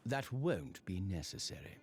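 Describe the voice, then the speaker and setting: An actor playing a theatrical, pompous British gentleman detective with a British accent, speaking in grand deductive flourishes. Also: low voice, big pitch swings, unhurried. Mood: grandiloquent. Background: game music.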